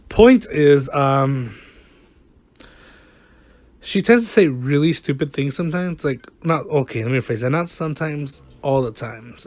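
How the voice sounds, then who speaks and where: Over a game, a gaming vlogger rambles through exasperated, self-mocking commentary in a casual style. His voice sits a little high, with no echo, picked up by a close desk mic with no camera.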